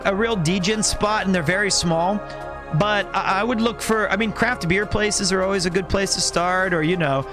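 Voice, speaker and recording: A man's voice: high-pitched, moderate pace, music in the background. A man streaming a game and chatting casually, rambling and joking in a playful way. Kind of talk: casual live-stream chat.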